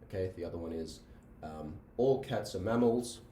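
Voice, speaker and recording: A man teaches logic in a classroom with a board, repeating himself and tossing in "right?" to check on the class. He speaks at a normal pace in a somewhat low, mellow voice. The distant mic catches an echoey room and a faint ambient hum.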